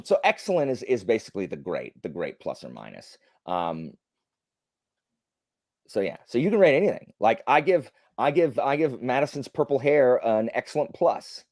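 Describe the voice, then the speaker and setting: Hosting a livestream, a young adult man chats casually and rambles through animated stories packed with fillers. The voice runs low, and the studio-quality recording carries no room sound.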